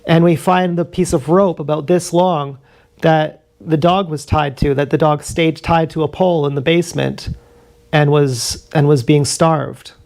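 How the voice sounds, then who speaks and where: A man's voice: on the high side, steady tone, a little slow, gravelly, darkish tone. A young man streaming live, telling meandering, profane stories in a casual chat with many restarts. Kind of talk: rambling casual storytelling.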